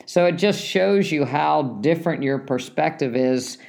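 Gravelly man telling a rambling story. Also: a little high, darkish tone. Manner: rambling, halting, with frequent restarts. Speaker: runner recounting a race. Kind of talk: casual storytelling.

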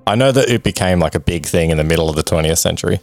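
A man's voice: deep voice, racing, creaky, a little mellow, no echo, soft background music. A man co-hosting a casual podcast who jokes and throws in sound effects and silly voices. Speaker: podcast co-host. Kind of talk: casual chat.

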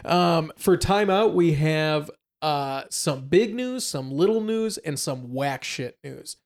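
A man's voice: fairly high pitch, unhurried, hardly any pauses, darkish tone. A man hosting a podcast, joking and teasing his co-hosts in casual chat. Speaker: podcast host.

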